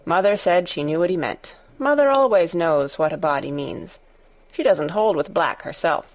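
A friendly, plainspoken young housemaid with a broad Yorkshire accent, voiced by a woman reading an audiobook. She talks bluntly in homely dialect, in a slightly low voice. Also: animated, moderate pace. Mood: matter-of-fact. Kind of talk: audiobook character voice.

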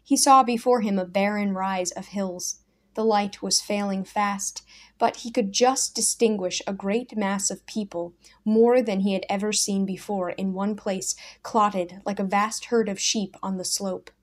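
A woman narrating a story in a soft, measured voice at an ordinary mid pitch. Her reading stays steady and gentle, line after line, in the manner of a recorded audiobook.

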